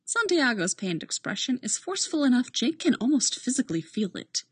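A woman reading a story aloud with expressive narration. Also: a little high, fairly quick, slightly rough, no echo. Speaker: reader. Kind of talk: reading fan fiction aloud.

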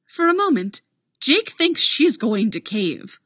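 A woman reading a story aloud with expressive narration. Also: high-pitched, takes it slowly, slightly rough, no echo. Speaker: reader. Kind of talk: reading fan fiction aloud.

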